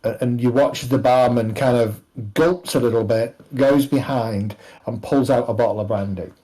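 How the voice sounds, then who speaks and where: A man running a tabletop game as game master, narrating in an unhurried, descriptive way with frequent restarts. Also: mid-range voice, warm tone, slightly rough, rough recording.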